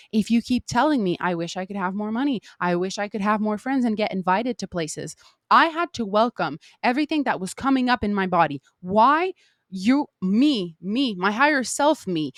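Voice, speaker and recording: A woman's voice: mid-range voice, no echo, studio quality. A young woman hosting a podcast, talking candidly in a casual spiritual monologue, swearing freely and acting out her own inner voices. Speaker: podcast host.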